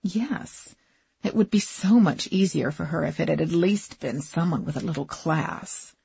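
A woman's voice: deep voice, a little slow, creaky, warm tone, slightly rough, no room sound, exaggerated voice. A woman voicing a snobbish middle-aged woman who gossips in a prim, disapproving way, on a dull, muffled recording.

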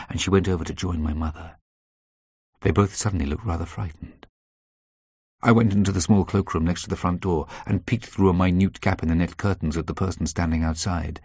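A man narrating a story in a measured, tense way. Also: low voice, a little mellow, husky, no room sound, clean studio sound. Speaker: audiobook narrator. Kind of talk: scripted narration.

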